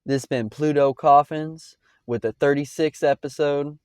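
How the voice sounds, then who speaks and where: A man's voice: fairly high pitch, steady tone, unhurried, darkish tone, clear, resonant tone, no room sound, clean studio sound. A man hosting a podcast, reacting to clips in a blunt, profane, ranting way. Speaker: podcast host. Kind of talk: casual reaction commentary.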